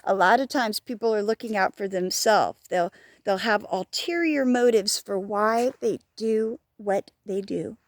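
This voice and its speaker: A woman vlogs to camera while walking outdoors, speaking frankly and rambling, swearing freely and joking at her own expense, and she mentions being hard of hearing. Her voice is medium-pitched and measured, in a dry recording.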